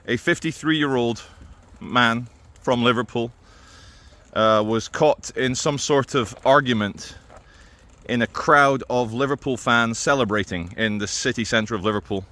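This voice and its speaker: A man's voice: medium pitch, a little slow, sharp tone. A man giving casual commentary to camera, rambling with many fillers and restarts and slipping in dry, offhand asides. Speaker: vlogger.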